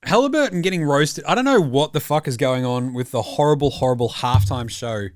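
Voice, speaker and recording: A man's voice: medium pitch, lively intonation, a little fast, no echo, clean studio sound. An Australian man hosting a casual sports reaction podcast, talking in a blunt, jokey, profane way. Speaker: podcast host.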